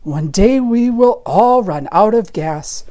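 A woman voicing a kindly old fart who leads the board in a storybook, giving gentle advice. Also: mid-range voice, lively intonation, slow pace.

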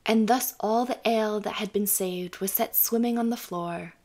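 A woman narrating a fairy tale audiobook in a calm, even storytelling manner. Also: mid-range voice, moderate pace. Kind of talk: scripted bedtime story narration.

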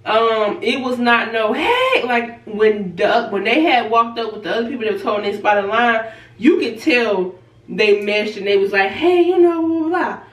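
A woman vlogger casually telling a story, animated, laughing and acting out the people she quotes. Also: mid-range voice, moderate pace. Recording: roomy and a bit distant from the mic.

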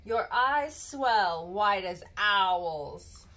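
Slow, expressive woman reading a bedtime story. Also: mid-range voice. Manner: slow, gentle, expressive read-aloud voice. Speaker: children's story reader. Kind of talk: storybook read-aloud.

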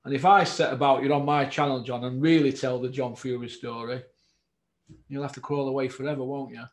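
A man's voice: mid-range voice, steady tone, fairly quick, roomy sound. A man with a Yorkshire accent, from Doncaster, hosting a boxing channel and speaking straight to camera in a confrontational, taunting way. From Doncaster, England. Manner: confrontational, taunting, repeats the name he addresses. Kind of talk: direct-to-camera challenge monologue.

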